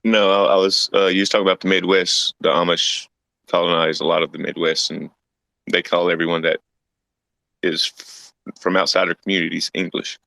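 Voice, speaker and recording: A man in casual chat who talks slowly and hesitantly and jokes in a folksy way. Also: sits low, little pitch movement, creaky, sharp tone, dry recording, poor audio.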